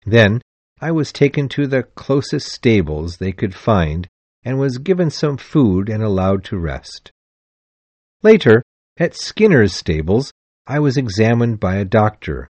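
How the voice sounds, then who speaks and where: Reading a novel aloud for an audiobook, a man narrates in a careful, expressive way. His voice is on the lower side and the recording is dry.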